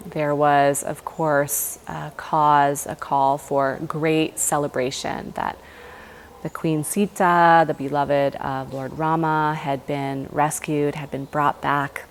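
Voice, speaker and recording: A woman yoga teacher tells a devotional legend to her class in a low, calm voice. She speaks slowly and softly, with fillers like um and you know. A faint hum of room ambience sits underneath. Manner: soft-spoken and unhurried, with fillers like um and you know. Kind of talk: storytelling during a guided yoga class.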